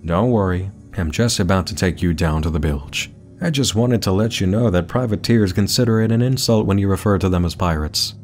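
A man voicing a gruff, scheming male privateer captain in a read-aloud adventure story, talking in a slow, sly and menacing way. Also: low voice, darkish tone, soft background music, natural voice.

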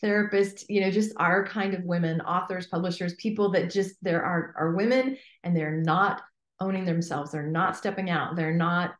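A woman coach appears as an interview guest, speaking with emphasis and animation and frequently acting out imagined inner voices. Her voice sits lowish, her pace is moderate, and the recording is reverberant.

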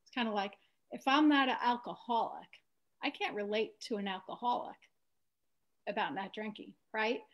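A woman with a fairly high voice speaks calmly and earnestly. She is reflective and thoughtful, and her conversational delivery stays soft and sincere throughout. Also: normal speed, highs cut off.

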